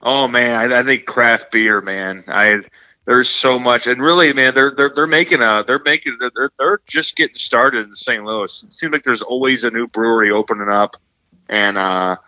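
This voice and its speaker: A man's voice: medium pitch, normal speed, bright, forceful tone, dry recording, lo-fi sound. A man guesting on a casual podcast, rambling and stumbling over repeated words as he jokes.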